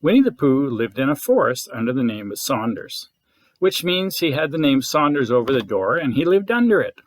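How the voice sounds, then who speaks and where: Scout leader reading a bedtime story, gentle and expressive, lively pitch, dry close sound. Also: male voice, normal speed, dry recording.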